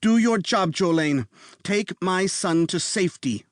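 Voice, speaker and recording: A man's voice: high-pitched, lively intonation, a little slow, no echo, studio quality, voice pushed up. A male narrator voicing a cold, commanding mother who snaps orders. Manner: curt, commanding.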